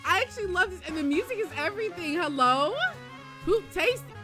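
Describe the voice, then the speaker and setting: A woman streamer reacting live to a game showcase, excitable, with loud exclamations and frequent laughter. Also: extremely high pitch, fast. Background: showcase music.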